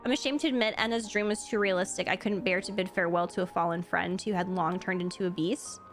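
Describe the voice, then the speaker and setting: A woman's voice: fairly even intonation, soft background music, natural voice. Woman reading as a solemn gallant knight. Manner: measured and solemn, softer and lower than her own talk. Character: gallant, earnest male knight devoted to beauty. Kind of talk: reading game dialogue aloud.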